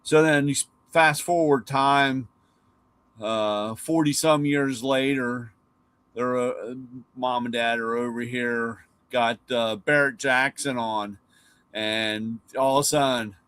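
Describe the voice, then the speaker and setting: Middle-aged guy rambling thru old car stories on a live show, cusses, does his dad's voice, regular pitch. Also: fairly even intonation, slow pace, fairly bright tone, clear, resonant tone. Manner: rambling anecdotes, swears, acts out his dad's lines. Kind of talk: casual storytelling on a live show.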